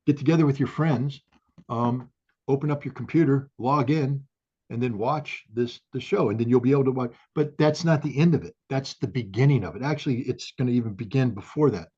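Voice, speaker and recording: A male interview guest who talks haltingly with many fillers, then swells into fiery outbursts. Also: mid-range voice, warm tone, husky. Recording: dull lo-fi audio.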